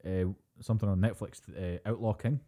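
Male co-host, sweary and animated, low, warm voice. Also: fairly quick. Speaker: podcast co-host. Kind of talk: casual chat.

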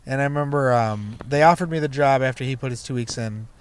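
A young stand-up comedian, appearing as a guest in casual chat, tells a loose, profane story from his past, peppered with "you know" and "like." His mid-range voice is smooth and he talks fast.

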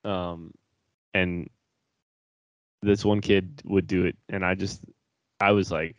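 A young man with a low voice co-hosts a podcast in loose, rambling casual chat. He swears freely and breaks into laughter. The sound is dry and close with no room behind it. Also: fairly even intonation, unhurried, pauses often, no room sound, muffled recording. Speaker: podcast co-host.

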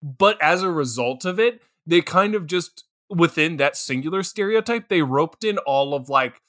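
A man co-hosting a podcast, chatting casually about a movie, animated and laughing often with plenty of swearing. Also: a little high, normal speed. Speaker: podcast co-host. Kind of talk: casual movie-review chat.

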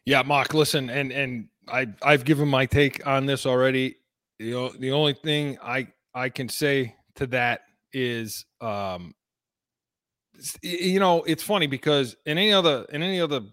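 A man's voice: medium pitch, fairly bright tone, no room sound, studio quality. Easygoing man co-hosting sports talk. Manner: easygoing, measured, agreeable. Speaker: sports talk show co-host.

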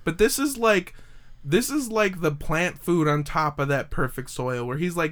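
A man's voice: fairly high pitch, unhurried, fairly bright tone. A young man hosting a casual podcast, telling a story in a rambling, jokey way with lots of fillers.

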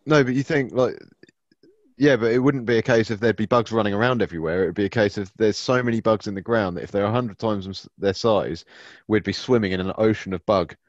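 A man's voice: on the low side, fast talker, no room sound. A man co-hosting a podcast, chatting casually in a blunt, dry way and swearing now and then. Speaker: podcast co-host. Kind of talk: casual chat. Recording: dull dry lo-fi sound.

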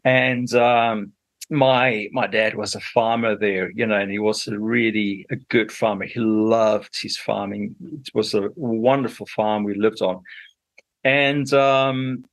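A middle-aged Zambian man with a Zambian accent and a lowish voice appears as a guest on a radio interview. He tells his story unhurriedly, using many fillers.

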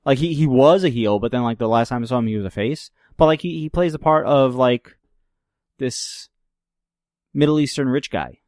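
A man's voice: mid-range voice, moderate pace, a little mellow, no room sound, studio quality. A man co-hosting a wrestling podcast in casual chat, talking in an offhand, slightly exasperated way. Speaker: podcast co-host.

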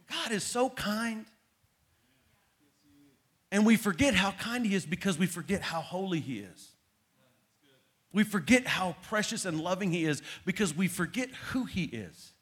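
A middle-aged male pastor delivers a sermon with a slightly high voice. He swings from loud, emphatic declarations down to low, hushed asides, with a conversational feel throughout. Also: animated, fairly quick.

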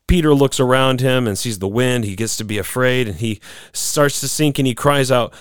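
A man preaching a sermon, earnest and lively, acting out quoted voices in the story he tells. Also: on the low side, a little fast, dry recording, studio quality.

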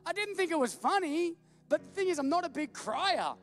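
A man preaching with a very high, light voice, joking about himself and breaking into laughter as he tells stories. Faint music sits under his sermon. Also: normal speed. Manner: self-deprecating, animated storytelling with laughs. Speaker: pastor. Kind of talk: humorous sermon.

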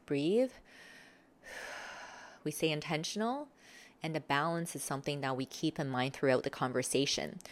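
Woman, coach, lower pitch, explanatory talk, acts out sample lines, sighs, laughs. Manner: demonstrative, sighs and laughs while acting out sample replies. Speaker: self-improvement coach.

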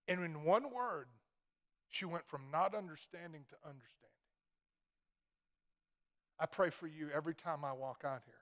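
High-voiced emphatic preacher man. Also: moderate pace, long pauses, fairly bright tone, dull audio. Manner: emphatic, repeats key phrases. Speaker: pastor. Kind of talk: sermon.

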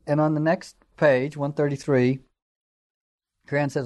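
A man's voice: fairly high pitch, little pitch movement, measured pace, pauses often, a little mellow. Man lecturing in a chatty, rambling way. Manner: conversational, digressive, with fillers and wry asides. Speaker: teacher. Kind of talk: classroom lecture.

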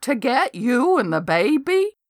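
A woman voicing an excitable, feisty old woman with a high, shrill, yelling voice in an audiobook. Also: measured pace, no room sound, studio quality. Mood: excited.

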